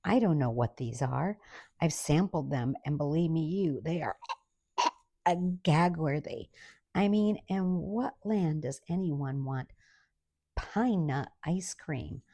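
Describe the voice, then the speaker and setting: A woman's voice: sits low, a little slow, warm tone, no room sound. An older woman telling an exasperated, sarcastic comic story in a monologue.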